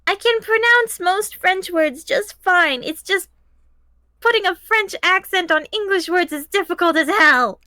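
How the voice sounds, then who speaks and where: Nervous, slow-talking woman. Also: very high voice, sharp tone, no room sound. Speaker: co-reader on a stream. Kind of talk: casual chat.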